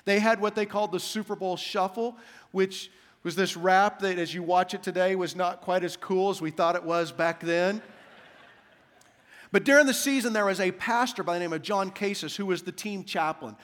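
A man preaching a sermon as senior pastor, repeating key phrases in a slow, emphatic cadence. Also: high voice, a bit bright, long reverb tail.

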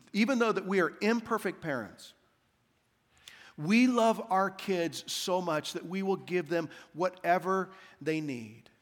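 A male senior pastor preaching a sermon, conversational and humorous, with rhetorical repetition. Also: high-pitched. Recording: long hall reverb.

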